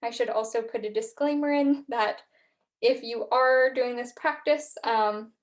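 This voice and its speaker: A young woman hosting a podcast, talking gently through reflection and a guided breathing practice, with frequent fillers. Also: fairly high pitch, unhurried. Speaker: podcast host. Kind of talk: guided mindfulness talk.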